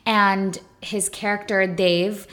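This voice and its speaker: A woman's voice: mid-range voice, level tone, slow pace, fairly bright tone. A young adult woman co-hosting a podcast, talking emphatically and posing rhetorical questions. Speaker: podcast co-host. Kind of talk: casual podcast discussion.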